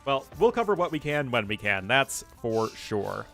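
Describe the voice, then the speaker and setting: Chatty American game caster. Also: male voice, mid-range voice, very animated, moderate pace, vocal fry, pushed and bright, faint music behind. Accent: General American. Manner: casual, chatty, laughs often. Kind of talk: live game commentary reading chat.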